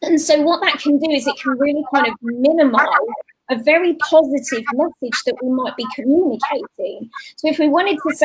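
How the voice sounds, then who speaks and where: A woman's voice: sits high, rough recording. A woman, a guest on a talk show, giving practical parenting advice in a casual explanatory way. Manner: warm practical advice, mimics sing-song voices. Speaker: guest, children's coach.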